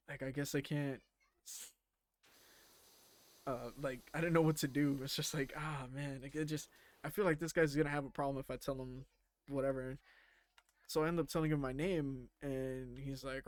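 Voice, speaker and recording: A man's voice: medium pitch, steady tone, moderate pace. A man streaming a game and chatting casually, rambling with lots of fillers and casual swearing. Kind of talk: casual chat while playing a game.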